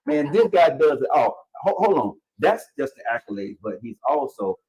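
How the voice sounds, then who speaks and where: Male talk-show host, jokey, high-energy banter, studio. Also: moderate pace, hardly any pauses, breathy edge, low-quality recording. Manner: animated, joking, hypes up the guest.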